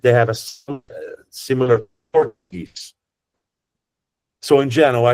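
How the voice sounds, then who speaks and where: A man with an Italian accent, a tour guide who explains in a chatty, joking way with frequent restarts. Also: mid-range voice. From Italy. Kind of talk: casual explanatory talk.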